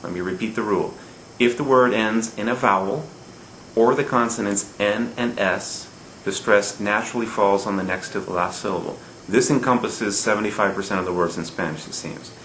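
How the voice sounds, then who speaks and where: A patient male teacher walks through grammar rules step by step, repeating them and pausing to check that his students follow. His voice sits fairly low. The recording has a roomy echo and a faint background hum. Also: a bit bright. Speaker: Spanish teacher. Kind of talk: recorded classroom lesson.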